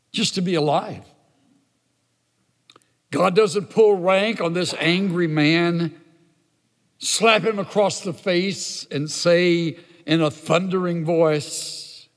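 Preacher, male, measured and theatrical, voice ringing through a large hall. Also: high-pitched. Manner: deliberate, dramatic drops to near whisper. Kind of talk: sermon. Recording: long hall reverb.

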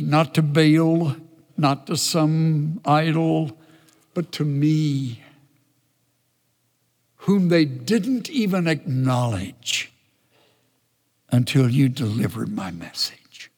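A soft, fatherly God, as a preacher puts him on, coaxing in a hushed, half-whispered voice. He talks slowly, and the words ring out in a long reverberant hall. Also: a little high, lively intonation, exaggerated voice. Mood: gentle. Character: gentle fatherly God questioning a prophet.

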